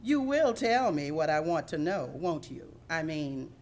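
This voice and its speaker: A woman's voice: low-pitched, very animated, a little slow, darkish tone. A woman voicing a bold young female dog, sassy and demanding. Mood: threatening.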